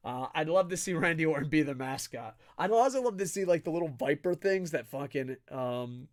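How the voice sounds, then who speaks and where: Podcast co-host, male, higher-pitched, fired-up and foul-mouthed, jumps from shouting to muttering. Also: brisk. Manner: profane, excitable ranting; swings between loud shouting and low mutters. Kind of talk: casual sports chat.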